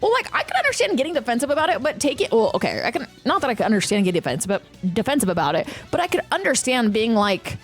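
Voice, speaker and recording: A woman's voice: on the high side, rapid-fire, hardly any pauses, faint music behind. A woman in her thirties, a streamer, telling a story in casual chat with frequent swearing. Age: 30s. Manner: ranting, profane, animated storytelling.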